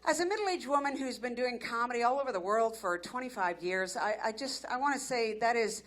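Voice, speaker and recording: A woman's voice: on the high side, animated, brisk, fairly bright tone. A woman in her fifties doing a brash, self-mocking stand-up set, working the crowd on a club stage with a handheld mic. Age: 50s. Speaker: stand-up comic. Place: comedy club stage before a live audience. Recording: live club recording with audience noise.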